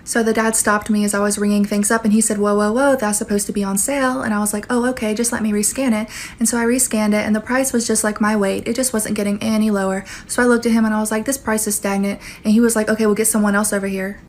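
A woman's voice: medium pitch, little pitch movement, fast talker, few pauses, a little mellow, slight background noise. A woman who works as a cashier, telling a sassy storytime anecdote. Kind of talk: casual storytime.

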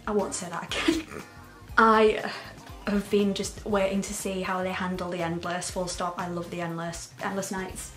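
A woman giving an excited, unscripted reaction to a trailer, gushing, laughing often and close to tears. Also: on the low side, normal speed, soft background music. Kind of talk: casual, unscripted reaction commentary.

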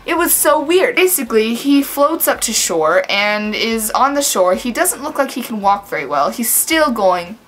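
A woman's voice: fairly high pitch, big pitch swings, moderate pace, hardly any pauses, fairly bright tone, faint music behind. A woman telling a story to her camera in a casual vlog, chatty and full of fillers. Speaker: vlogger.

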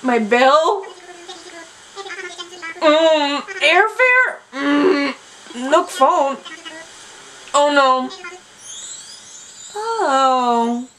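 Talking over game trailer audio, this woman reacts live to a video game showcase with gasps and squeals, as a gaming YouTuber would. She speaks very slowly with long pauses, in a high, animated voice with a fairly bright tone.

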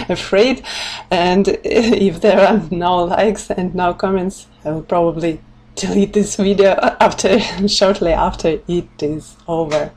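Russian lady doing a live lesson on her webcam, slow careful english, kinda nervous, laughs a lot. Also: on the low side, a little hiss or hum, rough recording. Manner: nervous, laughs often, excited. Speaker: language teacher. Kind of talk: live-streamed language lesson. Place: at home in Siberia. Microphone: phone or webcam camera.

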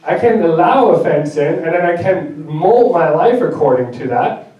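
In this clip a pastor from Germany delivers a sermon with a slightly high, animated voice at a moderate pace. He is direct and conversational, with self-deprecating jokes. The audio is dull, echoing through a church sanctuary from a far-off mic.

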